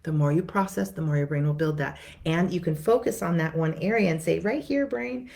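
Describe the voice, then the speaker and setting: A middle-aged woman therapist talks viewers through a lesson in a lowish, gravelly voice. She speaks conversationally, repeats and restarts her words, and briefly acts out what her clients say. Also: a little fast, a little mellow. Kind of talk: teaching talk to viewers.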